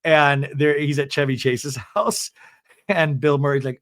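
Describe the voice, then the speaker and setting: Comedic male podcast host, lively and fairly high, dry close mic. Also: a little slow, no echo. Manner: animated, joking, lots of "like" and mimicry. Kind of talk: comedic TV recap.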